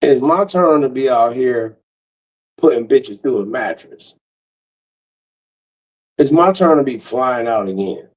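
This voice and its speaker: A middle-aged man doing stand-up comedy, telling stories in a brash, profane way with big swings in pitch. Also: animated, takes it slowly, pauses often, recorded from a distance.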